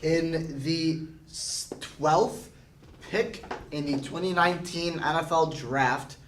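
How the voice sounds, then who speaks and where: A man's voice: on the high side, slow pace, roomy sound, recorded from a distance, a little hiss or hum, rough recording. A young man in a casual group chat, speaking in a subdued way. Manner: subdued, reluctant. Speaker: panelist.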